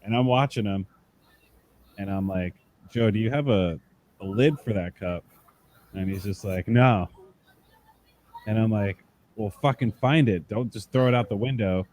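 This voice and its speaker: A man's voice: lowish voice, unhurried, pauses often, slight background noise. A man guest on a talk show, telling tour stories in casual chat, swearing freely and acting out the people in them. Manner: animated storyteller, swears freely, acts out voices. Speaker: podcast guest, tattoo artist.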